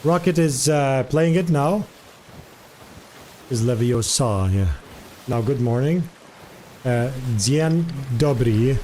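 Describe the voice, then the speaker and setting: A man's voice: medium pitch, takes it slowly, pauses often, a little mellow, a little hiss or hum. A man streaming live in casual chat, curious and talkative, repeating foreign words aloud to practice them.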